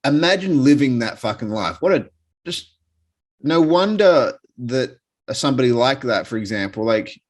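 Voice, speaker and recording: A man's voice: medium pitch, very animated, normal speed. A man hosting a podcast, laid-back and swearing freely in casual chat. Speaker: podcast host.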